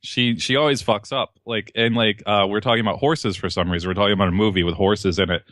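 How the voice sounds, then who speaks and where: A man's voice: fairly low pitch, steady tone, fast talker, fairly bright tone, dry recording, studio quality. A man co-hosting a podcast in casual chat, ranting in a profane, exasperated way. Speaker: podcast co-host.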